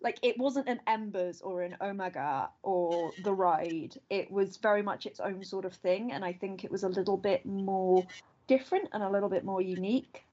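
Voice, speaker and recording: A woman co-hosting a podcast, giving measured, thoughtful opinions in casual chat. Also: mid-range voice, dark tone, dull audio. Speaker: podcast co-host.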